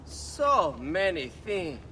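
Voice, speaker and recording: A man's voice: high voice, very animated, drawn-out words, bright, forceful tone, slight background noise, exaggerated voice. An actor playing an arrogant young male noble rival in a video game, haughty and taunting. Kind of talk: video game cutscene acting.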